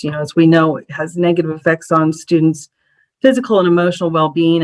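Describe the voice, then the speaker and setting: Measured presenter walking through survey slides. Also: medium pitch, rough recording. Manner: measured, explanatory, with frequent ums and small restarts. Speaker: presenter at an advisory council meeting.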